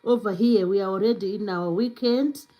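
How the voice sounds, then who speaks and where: A woman's voice: medium pitch, normal speed, lo-fi sound. Chatty woman hosting a live stream. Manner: chatty, filler-heavy with many "you know"s; reads out and answers viewer comments. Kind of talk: casual live stream chat.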